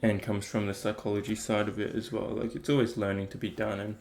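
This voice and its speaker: Flat, gravelly-voiced man musing. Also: lowish voice, fast, a little hiss or hum. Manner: rambling, thinking aloud with many fillers. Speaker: meditation vlogger. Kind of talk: casual reflective talk.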